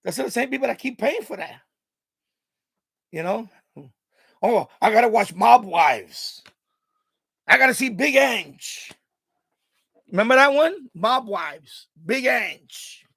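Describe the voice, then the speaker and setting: A man's voice: high-pitched, vocal fry, a bit bright, no echo. A man with a New York accent, hosting a live stream and rambling casually with lots of laughter and restarts.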